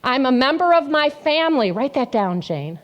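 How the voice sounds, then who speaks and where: A woman's voice: high voice, sing-song, normal speed, lo-fi sound. A woman pastor giving an interactive sermon in a church, asking the congregation questions and repeating their answers back. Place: church sanctuary.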